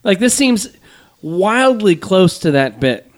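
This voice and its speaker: Dude hosting a comedy podcast from his garage, ribbing his friends, kinda high voice. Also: takes it slowly. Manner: teasing, animated, mocking. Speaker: podcast host. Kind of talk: casual comedy podcast banter.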